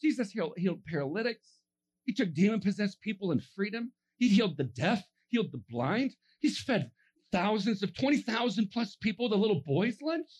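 A man preaching a sermon, telling a story with lively energy, acting out characters in funny voices and laughing often. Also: high voice, fairly quick, slightly rough.

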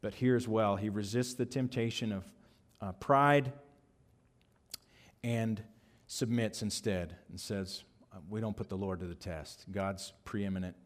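Male pastor preaching through a passage, measured and halting, plenty of ums and restarts. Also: fairly low pitch, steady tone. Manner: thoughtful, halting, many fillers and restarts. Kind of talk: expository sermon.

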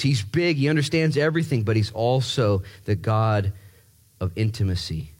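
A man preaching a sermon in a lively, joking way, repeating words and jumping up in pitch to stress a point. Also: moderate pace. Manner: animated, jokey, repeats himself, voice jumps high for emphasis. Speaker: pastor.

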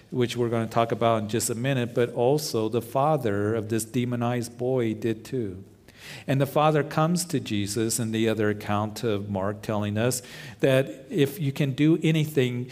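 A man's voice: mid-range voice, a little mellow. Impassioned male preacher with a swelling voice. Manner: impassioned preaching, voice swelling and dropping, quotes scripture dramatically. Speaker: pastor. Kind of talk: sermon.

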